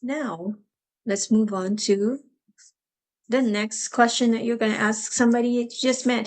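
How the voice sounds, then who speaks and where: A woman teaching a live language lesson, explaining patiently and repeating each phrase slowly. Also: a little high, fairly even intonation.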